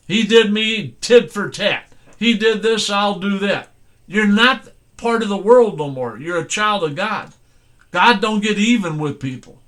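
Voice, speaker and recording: Older man as pastor, high voice, folksy sermon delivery, plain-spoken. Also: fairly bright tone. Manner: folksy, plain-spoken, reads scripture slowly.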